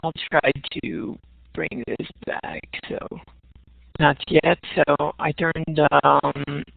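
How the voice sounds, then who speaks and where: French Canadian man, slow and gravelly. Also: on the high side, no echo. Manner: hesitant, many fillers. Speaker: presenter. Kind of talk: webinar talk. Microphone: online call microphone. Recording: tinny phone-like web call.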